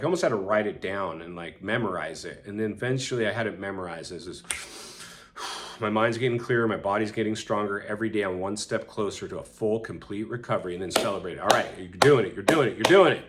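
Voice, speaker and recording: A man's voice: on the low side, fairly bright tone. A man sharing a personal story with viewers in an earnest, conversational way, with frequent fillers. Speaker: vlogger.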